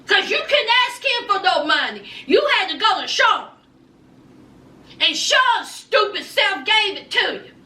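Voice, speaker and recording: A woman's voice: extremely high pitch, big pitch swings, unhurried, pushed and bright, roomy sound, far from the mic. A woman giving a sassy, dramatic recap of a reality show and addressing her viewers directly.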